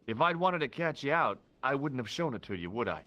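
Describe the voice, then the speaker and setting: A dry, cool-headed investigator in a video game. He speaks with sardonic wit, and his pitch moves in lively rises and falls. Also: brisk, lo-fi sound.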